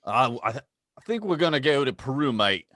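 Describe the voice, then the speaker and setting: A cheery globetrotter, as a podcast host puts him on, calls everyone mate and chatters about flights. He sits well above the host's own low voice and comes across louder and bright. The sound is dry and close. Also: sing-song, fairly quick, dry recording. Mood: chummy. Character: cheery globetrotting male travel guide.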